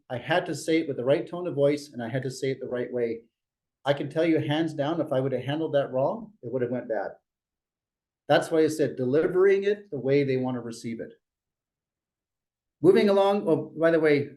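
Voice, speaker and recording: A man leading a real estate sales meeting, telling a story in an animated coaching tone and often restarting his phrases. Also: a little high, normal speed. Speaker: real estate team leader.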